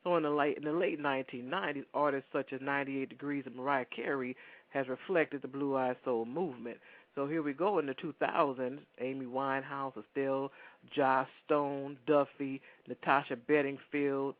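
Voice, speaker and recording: In casual radio talk, a host chats ramblingly and speaks directly to his audience. He has a medium-pitched voice and a moderate pace. The sound is dry and lo-fi, much like a phone.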